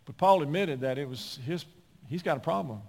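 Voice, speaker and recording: Male pastor, fairly high voice, folksy and emphatic preaching that climbs to near-shouting, long hall reverb. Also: lively intonation, fairly quick, vocal fry. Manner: folksy asides and repeated words. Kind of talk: sermon. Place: church sanctuary.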